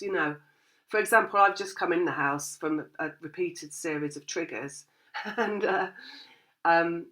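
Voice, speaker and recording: A woman's voice: fairly low pitch, a bit bright. A woman giving a casual, rambling tarot reading, laughing often and acting out her listeners' thoughts. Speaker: tarot reader.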